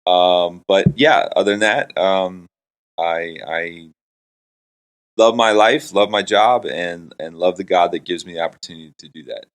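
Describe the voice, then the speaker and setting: A man's voice: low voice, measured pace. A man in his forties from Florida, a Christian hip hop artist and pastor, chatting playfully and self-deprecatingly in an interview in a hotel room. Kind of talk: casual interview chat.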